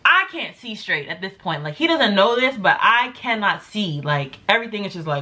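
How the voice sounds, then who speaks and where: A woman's voice: a little fast, few pauses. A young woman vlogger telling a story casually, acting out quotes with big jumps in her voice. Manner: animated, acts out quotes with big pitch jumps.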